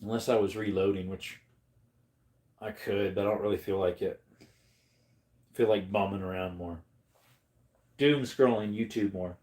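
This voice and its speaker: A man chatting casually on a livestream, rambling to his viewers and breaking into high baby talk with his dog. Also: fairly even intonation, normal speed, long pauses, darkish tone.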